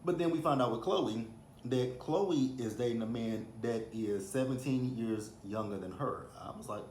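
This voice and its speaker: A man's voice: mid-range voice, normal speed, a little hiss or hum. A man in his thirties with a Texan accent, chatting casually as he recaps a reality TV episode and acts out what people said. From Texas. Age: 30s. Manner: chatty, animated, acts out quotes. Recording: roomy echo, faint ambience.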